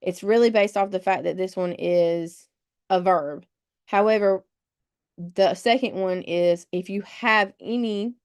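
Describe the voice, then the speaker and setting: A woman's voice: medium pitch, darkish tone, clear, resonant tone. A woman leading a test-prep webinar, patiently explaining rules step by step and spelling words out letter by letter. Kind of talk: live webinar teaching.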